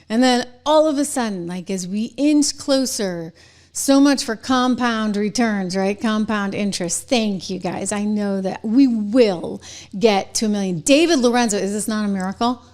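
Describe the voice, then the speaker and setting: A woman's voice: mid-range voice, darkish tone. A middle-aged woman hosting her own live online show, chatting casually with viewers and laughing often between stories.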